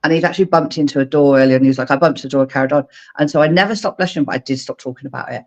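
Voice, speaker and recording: A middle-aged woman from England, a guest on a video-call interview, telling animated stories and acting out her own past lines. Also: extremely low pitch, racing, muffled recording. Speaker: guest, speaker mentor. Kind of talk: casual interview chat.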